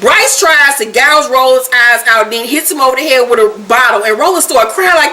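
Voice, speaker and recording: A woman's voice: high voice, lively intonation, normal speed, very noisy. A woman giving a casual, slangy recap of a TV episode, laughing often as she talks. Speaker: TV show reviewer.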